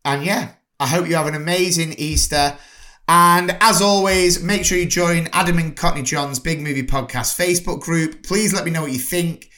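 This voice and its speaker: A man's voice: a little high, steady tone, brisk, few pauses, fairly bright tone. Chatty, enthusiastic male podcast host. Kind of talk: casual podcast sign-off.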